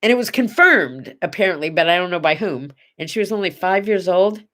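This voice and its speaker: A woman's voice: lowish voice, animated, fairly quick, fairly bright tone. A middle-aged woman hosting a casual morning chat show, chatty and tender, rambling with little asides. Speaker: host.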